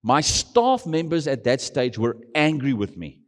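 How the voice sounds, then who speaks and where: A South African man preaches his testimony with a mid-range voice that rises and falls in a lively way. He tells the story dramatically, swinging between loud outbursts and soft, drawn-out lines. His voice carries a long reverb, as if he is in a large hall. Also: medium pitch. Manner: dramatic storytelling with big swings in loudness, mixing in Afrikaans phrases. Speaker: missionary sharing his testimony.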